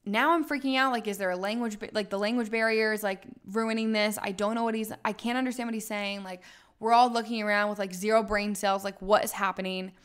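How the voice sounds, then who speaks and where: A woman's voice: mid-range voice, steady tone, a little fast, clean tone. A young woman hosting a podcast, telling a travel story casually, with dramatic retelling and lots of fillers. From United States. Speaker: podcast host.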